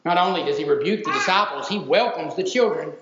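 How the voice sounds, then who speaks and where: Male pastor, high voice, emphatic preaching, roomy dull lo-fi church recording. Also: fast talker, crowd noise. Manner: emphatic, repeats words for stress. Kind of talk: sermon. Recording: roomy echo, dull lo-fi sound.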